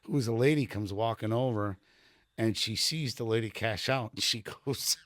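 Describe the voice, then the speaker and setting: A man's voice: on the low side, moderate pace, fairly bright tone, dry recording, clean studio sound. A middle-aged retired Army sergeant telling rambling anecdotes full of fillers, quoting people as he goes, in a casual podcast chat. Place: podcast studio room.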